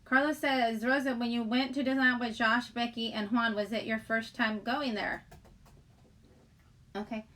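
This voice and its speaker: With a fairly high pitch, fairly even intonation and a fairly bright tone, a middle-aged woman hosts a casual livestream at a moderate pace. She's chatty and giggly, rambling while she greets the chat.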